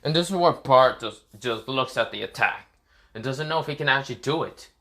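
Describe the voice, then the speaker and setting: A man's voice: medium pitch, fairly quick, sharp tone. A man casually telling an improvised fan story, rambling and correcting himself with many fillers.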